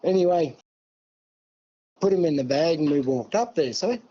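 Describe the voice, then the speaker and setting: An older man from New South Wales with an Australian accent, telling a long story in a relaxed interview and acting out the dialogue. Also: fairly high pitch, moderate pace. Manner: yarning, acts out dialogue, many "see?" and "mate". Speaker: guest elder. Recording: dull lo-fi sound.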